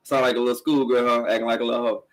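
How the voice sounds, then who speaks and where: A man's voice: medium pitch, flat delivery, rapid-fire, rough recording. Blunt, swearing man ranting on a podcast. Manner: emphatic, blunt, swearing, repetitive. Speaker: podcast host on a live stream. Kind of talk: casual profane commentary rant.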